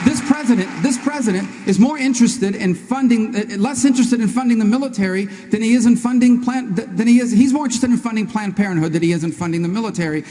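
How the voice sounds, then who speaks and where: Rapid, emphatic man in a debate hall. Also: high-pitched, dark tone, slight background noise. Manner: rapid, emphatic, repetitive stump-speech delivery. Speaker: presidential candidate. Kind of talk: debate speech.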